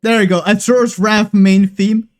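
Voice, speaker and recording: A live streamer giving loud, profane gaming commentary, excitable and quick to swing between giddy and exasperated. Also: medium pitch. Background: faint background music.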